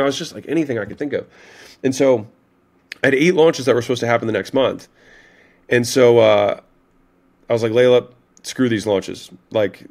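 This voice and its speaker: A man telling a story as a podcast guest, in a casual, animated way, often saying "like" and "right?" and swearing now and then. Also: mid-range voice. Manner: animated retelling, frequent "like" and "right?", occasional swearing.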